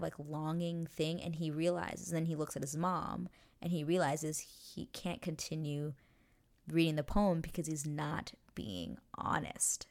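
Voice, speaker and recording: A young woman hosting a casual recap, excitedly chatting, swearing freely and acting out characters' lines in quick asides. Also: low voice, gravelly. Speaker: podcast host recapping a TV show.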